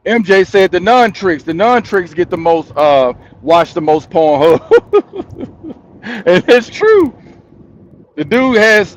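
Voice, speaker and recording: Casual opinions come from a high-pitched male channel host speaking directly to his audience. Unhurried, he drives every point home through repetition and laughs between his thoughts.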